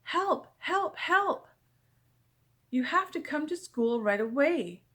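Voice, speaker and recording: Storybook boy, young and eager, pitched up high, played by a woman. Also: lively intonation, moderate pace. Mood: earnest. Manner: eager, pleading. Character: excitable young schoolboy.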